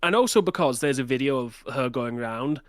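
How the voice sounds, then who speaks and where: Chatting in a book club, a man with a mid-range voice talks fairly quickly and animatedly, now and then slipping into voices to illustrate a point. The recording is studio quality with no echo.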